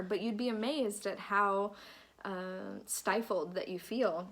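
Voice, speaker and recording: Chatty young mom vlogging. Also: female voice, medium pitch, measured pace. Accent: Minnesota. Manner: chatty, rambling, lots of fillers and asides. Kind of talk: casual chat to camera.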